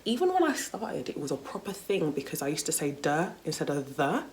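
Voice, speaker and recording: A woman's voice: low voice, very animated, fast talker, darkish tone, a little hiss or hum. A young woman vlogging a casual story time, candid and chatty, with lots of "like" and "you know" and some swearing. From United Kingdom.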